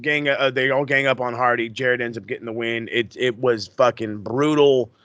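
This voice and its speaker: A man hosting a podcast, recapping in a casual, excitable, profane way that rambles. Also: medium pitch, moderate pace, no echo, dull audio. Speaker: podcast host.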